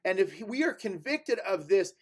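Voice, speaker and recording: A man's voice: sits high, big pitch swings, normal speed. A male preacher teaching through scripture in a conversational sermon, reading verses aloud and stressing key words, with fillers and restarts. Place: church sanctuary.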